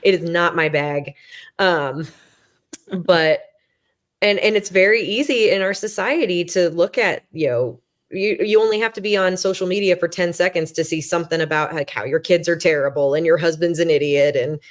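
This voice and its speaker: A woman in her thirties with a low, deep-set voice tells her story as a podcast guest. She talks candidly and self-deprecatingly, full of "um" and "like" and restarts, and voices her own past thoughts as little quotes. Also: normal speed. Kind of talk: conversational storytelling.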